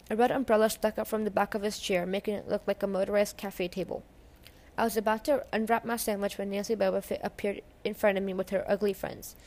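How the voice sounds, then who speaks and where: A woman's voice: mid-range voice, darkish tone. A woman reading a novel aloud chapter by chapter, narrating steadily and giving the characters light voices. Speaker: reader. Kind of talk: audiobook-style reading of a novel.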